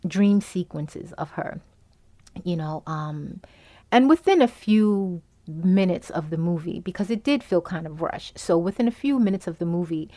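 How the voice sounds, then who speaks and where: A woman's voice: fairly low pitch, lively intonation, normal speed, dark tone. A woman hosting a podcast, giving a casual, chatty movie recap full of "you know" and "um", acting out the characters' lines as she retells the plot. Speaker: podcast host reviewing a movie.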